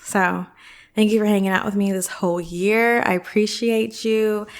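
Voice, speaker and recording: A woman's voice: medium pitch, fairly even intonation, normal speed. A woman therapist and coach hosting her own podcast, talking in a chatty, upbeat, rambling way with many fillers. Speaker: self-worth therapist and coach, podcast host. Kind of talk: casual podcast monologue.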